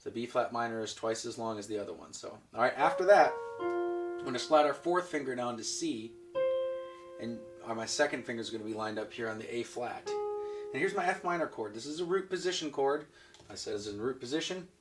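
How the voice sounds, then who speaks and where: A man's voice: mid-range voice, expressive, a little fast. Man teaching piano, counting beats aloud. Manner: patient, counting beats aloud while demonstrating. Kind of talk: online piano lesson. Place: room with a piano. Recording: recorded from a distance with piano playing.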